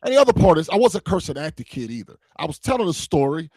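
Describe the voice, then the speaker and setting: A man's voice: fairly high pitch, big pitch swings, fast talker, darkish tone, husky, dry recording, poor audio. A man co-hosting a talk show, casual and blunt, laying out his opinions with emphasis. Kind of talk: casual chat.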